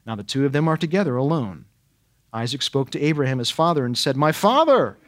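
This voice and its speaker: A man's voice: mid-range voice, fast talker. A man preaching an expository sermon, asking dramatic rhetorical questions and hammering points home with repetition.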